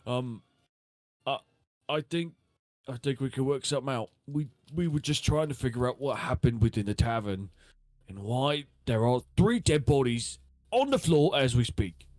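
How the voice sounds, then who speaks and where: A man's voice: mid-range voice, animated, moderate pace, darkish tone, dry recording, close to an everyday voice. A man voicing a nervous, stammering male city guard. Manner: stammering, hesitant.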